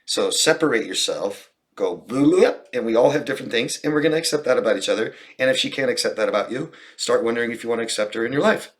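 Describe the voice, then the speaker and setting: A man's voice: medium pitch, fast talker, hardly any pauses. A man coaching viewers in a Q&A, talking in an earnest, direct way with many restarts. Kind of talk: Q&A advice talk.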